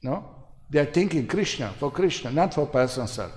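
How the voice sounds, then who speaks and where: A man's voice: on the high side, animated, a little fast, a little mellow. A man giving a devotional seminar lecture, speaking emphatically, repeating phrases and often asking "no?". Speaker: spiritual seminar teacher. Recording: reverberant hall.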